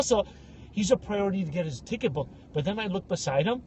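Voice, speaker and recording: A man co-hosting a podcast, telling comic stories in an animated way and acting out other people's voices. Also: high voice, quick pace, highs cut off, slight background noise. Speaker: podcast co-host. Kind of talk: casual comedic storytelling.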